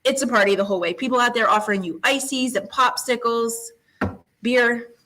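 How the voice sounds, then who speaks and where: Bright-voiced woman telling her story. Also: fairly high pitch, moderate pace, rough recording. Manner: upbeat storyteller, laughs often. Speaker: guest, middle school science teacher. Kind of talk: casual interview chat.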